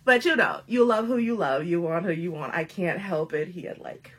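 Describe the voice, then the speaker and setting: A woman in her thirties telling a funny personal story in a casual, profane, animated way, often laughing as she talks. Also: on the low side, normal speed, slightly rough. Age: 30s.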